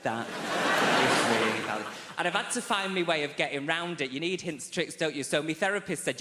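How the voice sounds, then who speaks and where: A man from England tells stand-up stories in a bright, lively voice that sits a little high. He is chatty and camp, teasing the crowd, and his handheld mic rings through an echoey theatre. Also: moderate pace. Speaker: stand-up comedian. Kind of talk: stand-up routine. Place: large theatre stage.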